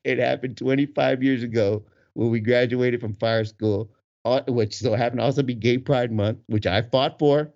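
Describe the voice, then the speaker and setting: A man in his forties with a husky voice, telling a story casually with lots of laughter. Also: mid-range voice, moderate pace. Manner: animated, laughs often, acts out voices in quotes. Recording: dull lo-fi recording.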